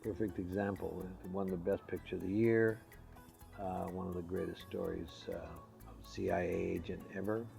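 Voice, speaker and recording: A man in a documentary interview speaking hesitantly and pausing on fillers. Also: low voice, flat delivery, vocal fry, warm tone, faint music behind.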